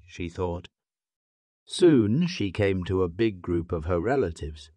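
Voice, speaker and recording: Low-voiced guy reading a kids story slow and careful, dry close sound. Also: animated, darkish tone, dry recording. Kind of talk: scripted narration of a graded reader.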